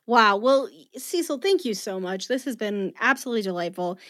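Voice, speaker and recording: A woman's voice: on the high side, lively intonation, brisk, a bit bright, dry recording, clean studio sound. A woman hosting a podcast, effusive and laughing easily as she thanks guests and reads the outro. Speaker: podcast host.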